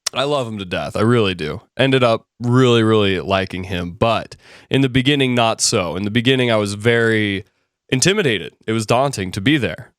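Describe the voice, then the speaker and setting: A man teaching a business presenting class, telling a story in a relaxed conversational way, with many fillers and restarts. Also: lowish voice, clean tone, dry recording, studio quality. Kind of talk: casual classroom lecture with anecdotes.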